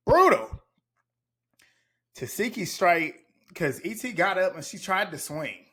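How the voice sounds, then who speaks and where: A man's voice: high voice, animated, normal speed, bright, forceful tone, husky. A man giving blunt, profane play-by-play commentary as he recaps a reality TV show. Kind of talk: casual reaction commentary.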